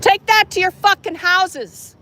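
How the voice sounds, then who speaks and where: A woman with a very high, bright, piercing voice heckles police on an outdoor city street. She swears constantly and turns sarcastic, recorded on a handheld phone. Her delivery stays confrontational. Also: unhurried, slight background noise. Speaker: street activist filming police.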